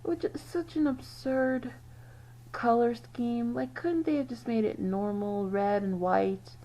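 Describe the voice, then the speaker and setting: A woman's voice: fairly high pitch, takes it slowly, mellow, poor audio. A woman host giving casual, musing commentary on old game screenshots, often trailing off and correcting herself. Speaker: channel host.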